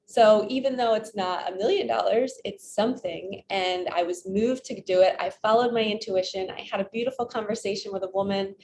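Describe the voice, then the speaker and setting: A woman's voice: medium pitch, a little fast, hardly any pauses, darkish tone, slight background noise. Chatty woman vlogging as a spiritual coach. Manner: chatty, retells stories with quoted self-talk. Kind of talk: casual vlog storytelling.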